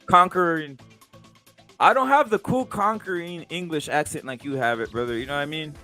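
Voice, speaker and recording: A man from Southern California runs a loose live stream with faint music behind him. His voice sits a bit high. He rambles and jokes, teasing his guest and pushing him to perform. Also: normal speed, pushed and bright. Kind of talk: casual live stream banter.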